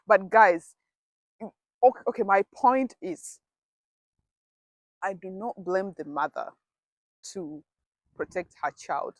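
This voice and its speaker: Woman, storytime vlogger, chatty, dramatic, talks to herself, mid pitch, dry close sound. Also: lively intonation, takes it slowly, long pauses, no echo. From grew up in a village abroad. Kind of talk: casual storytime vlog.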